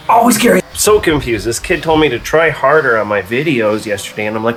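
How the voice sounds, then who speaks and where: Deadpan rambling comedian man. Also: mid-range voice, a little fast, few pauses, faint music behind. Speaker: comedy sketch creator. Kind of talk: absurdist comedy monologue.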